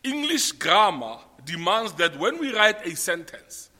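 A man's voice: high-pitched, very animated, measured pace, bright, forceful tone, in a large hall. A man with a South African accent preaching a sermon, spelling out his points and repeating them for note-takers. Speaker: pastor.

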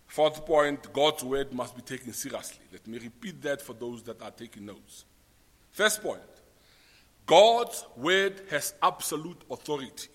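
Emphatic South African pastor preaching. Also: male voice, mid-range voice, expressive, measured pace, big-room sound. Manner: emphatic, repeats points for note-takers. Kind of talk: sermon.

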